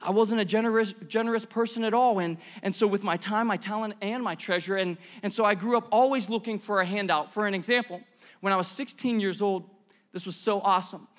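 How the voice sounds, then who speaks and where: High-voiced, animated male preacher. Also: brisk. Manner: animated, conversational storytelling with bursts of emphasis. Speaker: pastor. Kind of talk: sermon.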